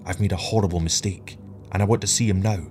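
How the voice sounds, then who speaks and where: A man voicing a desperate, grasping aging ship captain who shouts and repeats himself insistently, with faint music behind. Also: low voice, fairly even intonation, fast talker, lightly acted. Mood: shaken, pleading.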